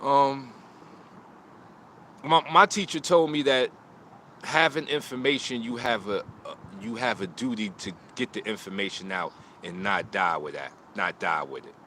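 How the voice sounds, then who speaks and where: A man's voice: mid-range voice, measured pace, pushed and bright, slight background noise. A man talking live about loss and motivation in short, preaching lines, recorded outdoors on a phone. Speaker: martial arts teacher streaming live. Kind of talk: emotional live stream talk.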